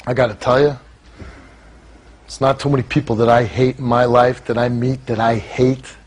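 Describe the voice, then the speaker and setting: A man's voice: mid-range voice, flat delivery, normal speed, slight background noise. A man hosting a talk show, lecturing a guest in a harsh, accusing way and repeating words for emphasis.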